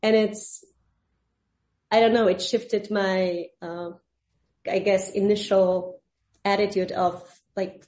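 A workshop participant sharing a personal experience with the group, hesitant and searching for words. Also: female voice, medium pitch, fairly even intonation, slow pace, pauses often, darkish tone.

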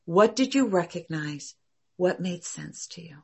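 Emphatic husky woman teaching a class. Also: on the low side, a little slow. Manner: emphatic, repetitive, animated. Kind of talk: casual class talk.

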